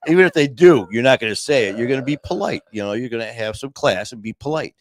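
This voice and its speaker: A man's voice: medium pitch, lively intonation, fast. A man hosting a podcast and telling a story casually, rambling with many "you know"s and acting out the quoted dialogue. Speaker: podcast host.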